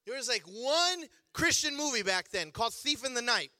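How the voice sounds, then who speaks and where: A high-pitched man in his forties preaches in an animated, humorous storytelling style. His voice is very bright and forceful. The sound is dry and close. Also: moderate pace, dry recording. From Chicago area, USA. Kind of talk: storytelling sermon.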